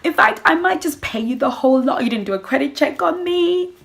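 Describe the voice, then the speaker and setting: Sassy, animated woman vlogger. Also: sits high, fairly quick, gravelly. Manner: animated, acts out little scenes with playful voices; sassy, addresses listeners as girl. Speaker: vlogger giving relationship advice. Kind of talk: casual chat to camera.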